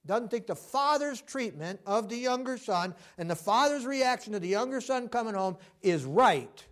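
A man preaches a sermon in a high, light voice. He talks with lots of fillers and acts out the voices of the people he quotes, swinging between loud and soft. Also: expressive, moderate pace.

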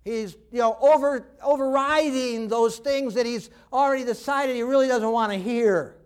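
An older man preaching a sermon in an animated way, acting out quoted voices and laughing often. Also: very high voice, normal speed, smooth. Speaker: pastor.

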